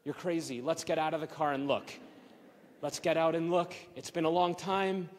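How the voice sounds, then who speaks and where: A man quoting his older mother as she gently coaxes him out of the car, in his own voice. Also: fairly high pitch, fairly even intonation, moderate pace, slight background noise, natural voice. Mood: coaxing. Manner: coaxing, reassuring. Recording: long hall reverb.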